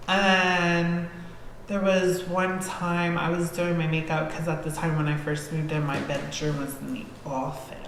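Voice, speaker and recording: A woman guest on a podcast telling a story casually, animated and swearing freely as she acts out scenes. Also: sits low, measured pace. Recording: echoey hall-like room with faint noise.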